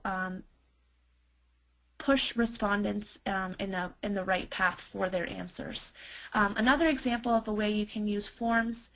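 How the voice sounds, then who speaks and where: A woman working as a marketer, presenting a software demo in an enthusiastic, chatty way with frequent ums. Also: mid-range voice, creaky, rough recording.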